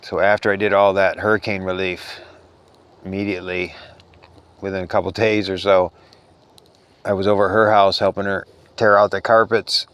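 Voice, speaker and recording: A man's voice: low voice, flat delivery, normal speed, pauses often, smooth. A man giving an earnest, rambling spiritual talk in a casual monologue, sounding a little tired. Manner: earnest, rambling, soft-spoken. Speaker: spiritual vlogger.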